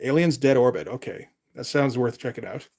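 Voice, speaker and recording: A man's voice: mid-range voice, fairly quick, vocal fry, darkish tone. A man chatting casually on a live stream as a comic artist, rambling and laid-back, with casual swearing.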